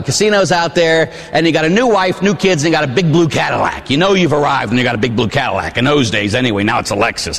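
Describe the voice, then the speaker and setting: Priest in his 40s giving a sermon, voice bouncing all over, big church echo. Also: a little high. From Pittsburgh, USA. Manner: animated storytelling with asides to the congregation. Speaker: Catholic priest.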